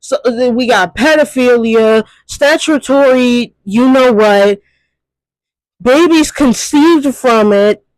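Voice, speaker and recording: A man's voice: very high-pitched, takes it slowly, dry recording, rough recording. A man ranting in a profane, exasperated movie commentary, firing off rhetorical questions. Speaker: commentary youtuber.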